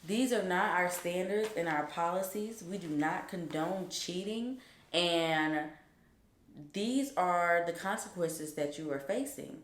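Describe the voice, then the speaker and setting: Stern female dean, calm, firm, formal, measured, put on by a young woman. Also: a little high, echoey room, natural voice.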